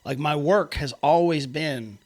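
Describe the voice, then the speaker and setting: A man's voice: on the high side, measured pace. A man hosting a podcast, telling stories in a laid-back, chatty way with frequent laughs. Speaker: podcast host. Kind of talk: casual chat.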